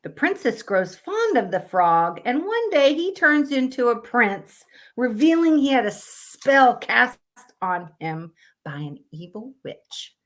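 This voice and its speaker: A woman chats casually with a friend, blunt and quick to joke. Her voice swings widely in pitch and sits a little high. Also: sing-song. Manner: blunt, joking. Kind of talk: casual chat.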